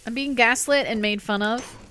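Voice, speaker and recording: A woman's voice: a little high, normal speed, sharp tone, smooth. A woman streaming a game, chatting playfully with her viewers and herself. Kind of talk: casual live-stream chat while gaming.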